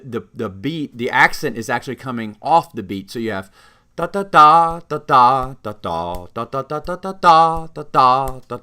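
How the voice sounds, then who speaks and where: A man's voice: mid-range voice, bright, forceful tone. A man teaching trumpet students about rhythm, explaining carefully and singing rhythm examples on "da". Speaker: music teacher. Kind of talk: instructional talk with sung rhythm examples.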